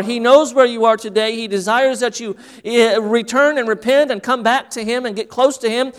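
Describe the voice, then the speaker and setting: High-voiced man preaching a sermon. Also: steady tone, normal speed, smooth. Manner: earnest preaching, repeats phrases for emphasis. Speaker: pastor.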